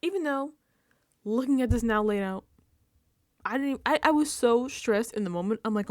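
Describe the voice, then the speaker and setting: A woman's voice: on the high side, normal speed, pauses often, dry recording, clean studio sound. A woman hosting a casual reality TV recap, animatedly acting out her reactions into a microphone. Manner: animated, acts out her own reactions and quotes. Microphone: desk microphone.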